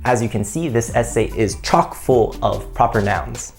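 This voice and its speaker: Brief: upbeat male essay coach, chatty explainer, soft music underneath. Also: lowish voice, lively intonation, a little slow. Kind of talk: instructional video.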